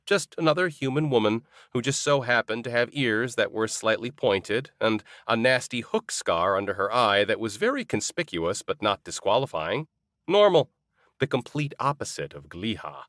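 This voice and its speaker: A man's voice: medium pitch, expressive, normal speed, fairly bright tone, no room sound, clean studio sound. A man narrating a comic fantasy novel in the first person, wry and storytelling. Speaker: audiobook narrator.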